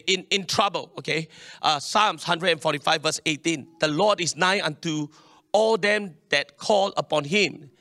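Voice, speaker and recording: A man preaches to his congregation in a high, bright voice. He swings between loud declarations and quiet asides. The sound is close and dry. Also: dry recording. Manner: animated preaching, calls to the congregation. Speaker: pastor. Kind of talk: sermon.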